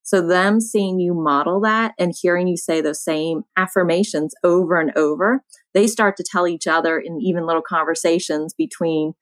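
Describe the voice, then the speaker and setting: Calm female elementary teacher, lower voice, dry close sound, soft-spoken and unhurried. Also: no room sound, low-quality recording. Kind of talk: panel discussion.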